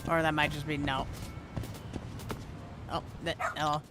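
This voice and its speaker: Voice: medium pitch, little pitch movement, unhurried, music in the background. A streamer casually reading video game dialogue aloud, with wry asides.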